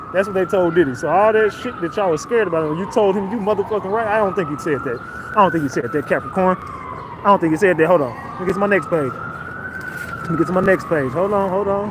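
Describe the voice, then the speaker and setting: A man outdoors on a city street, excitedly recapping courtroom testimony, swearing and repeating himself. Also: high-pitched, rough recording. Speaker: street reporter. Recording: faint street noise.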